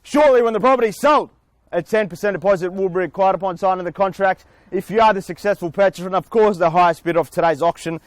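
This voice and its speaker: A man, an auctioneer, speaking outdoors in front of a house with booming salesman patter and long theatrical pauses. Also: no echo. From Australia. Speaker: real estate auctioneer.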